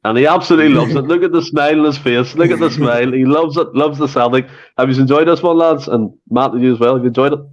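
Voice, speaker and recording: A man hosting a casual podcast chat, chatty and animated, swearing now and then. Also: mid-range voice, fast talker, hardly any pauses, dull audio. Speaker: podcast host.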